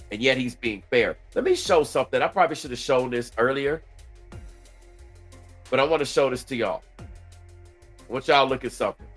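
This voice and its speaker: A man's voice: medium pitch, a bit bright. A man doing critical reaction commentary, indignant and preachy, talking straight to his viewers.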